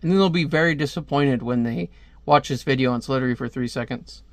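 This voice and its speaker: A man's voice: mid-range voice, quick pace, dry recording. A man reviewing a comic book in a casual read-aloud, rambling into chatty asides.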